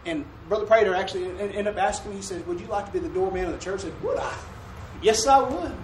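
A man's voice: sits high, steady tone, racing, a little hiss or hum. A man preaching a folksy sermon with call-and-response, recorded in a church sanctuary from a distant mic. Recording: echoey room from a distant mic.

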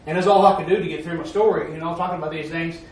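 Man, preacher, folksy testimony, slightly high voice, echoey distant mic. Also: fairly even intonation, very fast. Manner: folksy, repetitive, with "I'm telling you". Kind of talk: testimony during a church talk. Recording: echoey room, mic far off, faint noise.

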